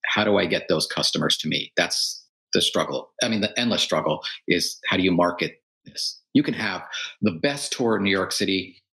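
Low gravelly man telling his story. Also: moderate pace, sharp tone, rough recording. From United States. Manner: earnest storytelling, acts out quoted friends. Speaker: guest, tour business owner. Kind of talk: casual podcast interview.

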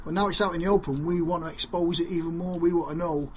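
A man's voice: a little high, steady tone, fast talker, a little hiss or hum. A man hosting a casual radio show, joking and rambling and often laughing.

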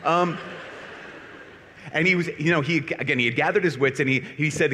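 A man, a Catholic priest, gives a homily to a youth conference, telling a story in an animated, self-deprecating way. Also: a little high, fast. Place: large conference hall. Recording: echoey hall reverb.

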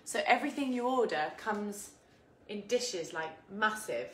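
In her echoey home kitchen, with faint noise behind her, an English cooking show host chats casually on a live stream, laughing and welcoming viewers by name. She speaks at medium pitch, animated and unhurried, a bit bright in tone.

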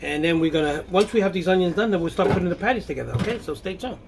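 Gravelly-voiced man chatting through a cooking demo. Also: high voice, lively intonation, rapid-fire, noisy background. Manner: chatty, thinks aloud, frequent okays and restarts. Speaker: home cooking video host. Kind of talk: casual cooking demonstration. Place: home kitchen.

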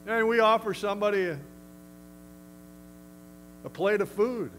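A man's voice: high voice, a little slow, a bit bright, a little hiss or hum, poor audio. A male pastor preaching a sermon in an emphatic, conversational way. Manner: emphatic, conversational, acts out quotes.

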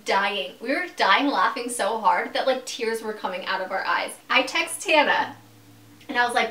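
A young woman chats through a giggly storytime vlog at home, her fairly high voice full of fillers and laughter. The room is echoey and she sits a little back from the mic. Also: animated, normal speed, sharp tone, far from the mic. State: recovering from surgery. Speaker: YouTuber.

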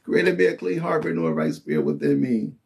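A man voicing a remorseful believer who pleads in a high, breathless voice, broken by laughs, as part of a sermon. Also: sing-song, quick pace, creaky, slight background noise. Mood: pleading remorse.

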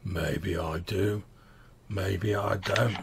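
A man voicing a hulking, slow-witted male clay giant who guards a door and threatens to eat visitors. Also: deep voice, little pitch movement, vocal fry, noisy background, pitched below the performer's own voice. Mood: sly.

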